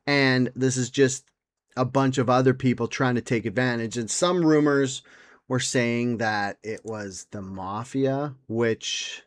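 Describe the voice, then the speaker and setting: A man's voice: medium pitch, steady tone, unhurried. A young man hosting a podcast in casual chat, rambling and sarcastic, swearing and mimicking people in silly voices. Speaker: podcast host.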